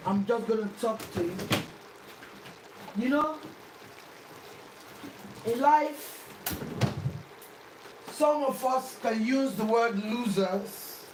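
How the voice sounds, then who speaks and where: A woman's voice: fairly high pitch, noisy background. A woman hosting a casual cooking demonstration, chatty and repetitive, now and then slipping into playful sing-song. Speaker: cooking vlogger. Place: home kitchen. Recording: roomy kitchen echo, faint ambience.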